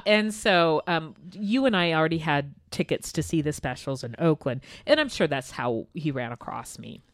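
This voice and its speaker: A woman's voice: deep voice, normal speed, dry recording, studio quality. A woman in her forties chatting casually, telling a story and acting out what people said. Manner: animated, acts out quoted voices. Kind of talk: casual chat.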